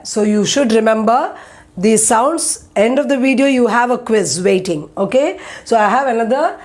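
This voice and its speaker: Slow, patient woman teaching sounds. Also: on the high side, animated. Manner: patient, repeats each sound, checks with "okay?". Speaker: Hindi teacher. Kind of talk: recorded phonics lesson.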